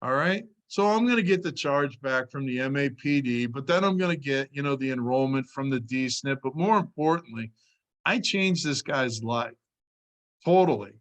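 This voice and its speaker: A man's voice: medium pitch, expressive, normal speed. Man telling a sales story, casual and punchy. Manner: storytelling, says "all right" often. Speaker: insurance sales trainer. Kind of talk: casual training talk.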